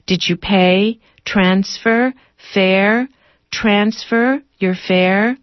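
A rocking bus passenger repeats her questions in a flat monotone, voiced by a woman reader. The recording sounds dull and dry. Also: medium pitch, very slow, no echo. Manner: monotone, repetitive. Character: rocking woman asking for fares.

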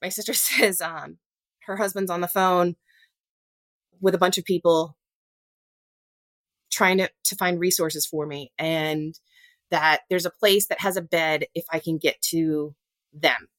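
A woman telling her own story in an interview, earnest and halting, often restarting and acting out what was said. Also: fairly low pitch, fairly even intonation, a bit bright, no echo. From Louisiana. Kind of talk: personal storytelling in a podcast interview.

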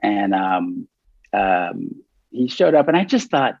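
A man with a medium-pitched voice and vocal fry tells a story in a casual interview, recorded with no room sound and dull audio. Describing himself as a bit nervous, he halts and restarts often, yet animatedly acts out the dialogue he quotes.

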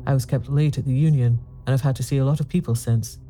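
A man's voice: medium pitch, fairly even intonation, quick pace, warm tone, faint music behind, close to an everyday voice, poor audio. A man doing a scoffing young Irish doctor. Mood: matter-of-fact. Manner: hearty and scoffing. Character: brash raw-boned young Irish doctor, blunt and mocking.

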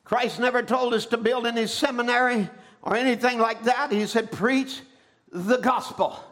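A man preaching with an unusually high, bright and forceful voice. He swings between quieter explanation and shouted, rising emphasis, calling for amens along the way. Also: fairly even intonation, moderate pace. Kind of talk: sermon.

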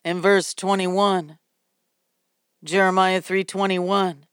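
A woman hosting a ministry show, preaching a devotional sermon in a halting, fervent way, often repeating words and crying out in praise. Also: medium pitch, level tone, clean tone, no room sound, clean studio sound.

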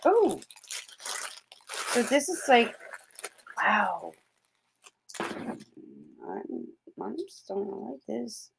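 A woman's voice: mid-range voice, lively intonation, drawn-out words, vocal fry, pauses often, noisy background. A middle-aged woman hosting a motivational vlog, speaking emphatically and repeating her points like a pep talk. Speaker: motivational host.

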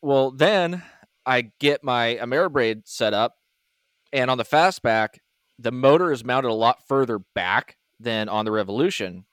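A man hosting a casual podcast, talking through his workshop gear in a relaxed, rambling way. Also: mid-range voice, measured pace, smooth, dry recording, studio quality. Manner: relaxed, rambling shop talk. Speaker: podcast host. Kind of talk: casual chat.

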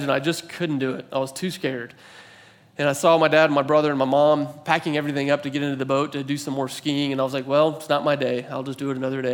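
A man in his thirties preaching a sermon, telling a personal story in a conversational, animated way with filler words. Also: on the high side. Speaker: pastor.

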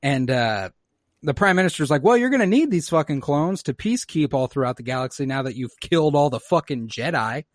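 A man casually recapping a show episode, acting out the characters' lines in quick little voices and swearing freely. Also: fairly high pitch, no echo. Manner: animated storyteller who acts out characters' lines, swears freely. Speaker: podcast co-host recapping a show. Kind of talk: casual chat.

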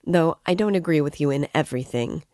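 A woman's voice: low voice, a little fast, warm tone, no echo, studio quality, lightly acted. A woman reading the part of an earnest, composed young woman.

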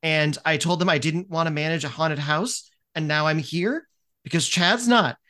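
A man's voice: on the high side, normal speed, pushed and bright. A man voicing a meek, nervous young male fraternity vice president who stammers and apologizes, in a tabletop game. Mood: flustered.

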